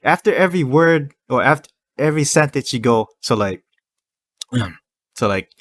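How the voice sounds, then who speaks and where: A young man chatting casually on a podcast, laughing and imitating phrases as he explains them. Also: mid-range voice. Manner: slow, lively, laughs and mimics phrases. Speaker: podcast guest.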